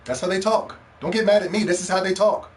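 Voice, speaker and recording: A man's voice: sits high, quick pace. A man hosting a podcast, telling stories in a casual monologue and acting out other people's reactions with slang. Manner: animated storytelling, mimics other people in slang. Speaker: podcast host.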